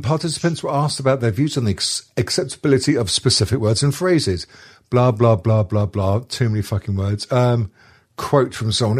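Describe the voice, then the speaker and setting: A man's voice: medium pitch, darkish tone, breathy edge. Foul-mouthed joking man. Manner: swears constantly, jokey, laughs often. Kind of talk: casual crude chat reading a list aloud.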